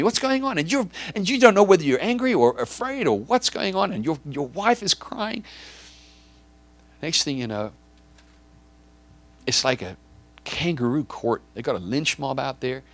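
A man's voice: a little high, sing-song, normal speed, pauses often. A man preaching a sermon, acting out a scene in vivid detail and often repeating or stumbling over words as he builds it. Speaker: pastor.

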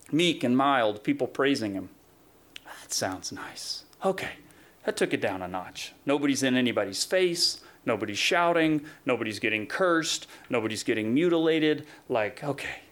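A man preaching a sermon in a conversational, animated way, acting out quotes with sudden jumps in pitch. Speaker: pastor.

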